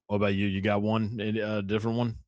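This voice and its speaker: A man hosting a casual movie podcast, who reads out the categories and agrees with his guest a lot in a relaxed way. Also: lowish voice, fast, no echo, studio quality. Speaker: podcast host.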